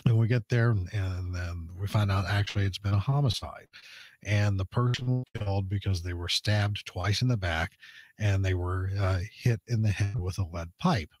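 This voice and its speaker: Earnest low-voiced police spokesman. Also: normal speed, no room sound. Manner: earnest, explanatory, many "uh" fillers. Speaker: police public information officer. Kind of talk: radio interview guest.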